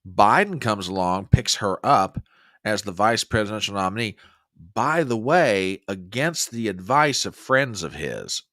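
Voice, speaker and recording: A man's voice: lowish voice, unhurried, dry recording, studio quality. A man hosting a conservative political show, giving emphatic, opinionated commentary and often restarting his sentences. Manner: emphatic and animated, with frequent restarts. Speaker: host of a conservative political podcast.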